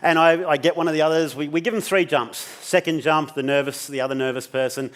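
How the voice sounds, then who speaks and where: A man giving a storytelling keynote talk, animated and casually swearing as he acts out the dialogue. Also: a little high, fairly quick. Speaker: keynote speaker.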